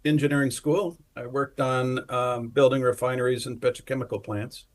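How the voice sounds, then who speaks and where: A man's voice: mid-range voice, fairly even intonation. An older man co-hosting a casual talk, recalling his past work at an easy pace with many fillers. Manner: reminiscing, unhurried, with many fillers. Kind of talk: casual chat.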